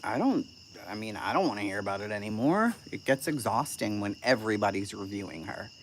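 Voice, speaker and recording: A host riffs through a casual live-stream, answering chat in a blunt, profane and sarcastic way. The pitch swings widely from line to line. Faint crickets chirp quietly behind the voice. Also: animated, a little fast, a little hiss or hum.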